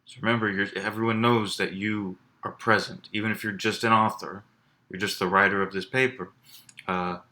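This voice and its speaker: A man's voice: lowish voice, little pitch movement, normal speed, sharp tone. A man teaching a college writing class in a recorded lecture, explaining in a conversational way with fillers and restarts. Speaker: college English instructor.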